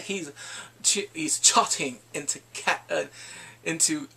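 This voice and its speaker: Upbeat male reviewer, gravelly edge, slightly high voice, laughs through his recaps. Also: slow pace. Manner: laughing often, excitable retelling. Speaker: TV episode reviewer. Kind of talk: casual review chat.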